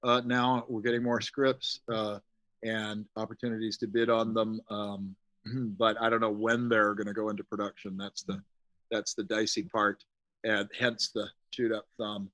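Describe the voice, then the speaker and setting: A man's voice: lowish voice, little pitch movement, normal speed, fairly bright tone, low-quality recording. A middle-aged man, a special effects artist guesting on a podcast, talking casually in a rambling, jokey way and swearing freely.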